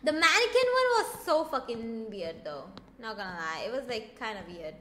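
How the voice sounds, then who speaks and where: A young woman streaming a horror game, talking loudly and excitably, swearing and sometimes screaming. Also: a little high, moderate pace, slight background noise. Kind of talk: let's play commentary. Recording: game music behind her voice.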